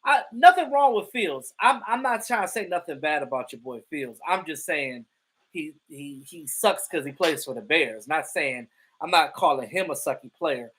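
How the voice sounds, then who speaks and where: A man with a notably high speaking voice hosts a casual football livestream. He talks in a loose, animated way, full of profanity and trash talk. He stammers and restarts his sentences often. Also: moderate pace, husky, rough recording. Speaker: livestream host.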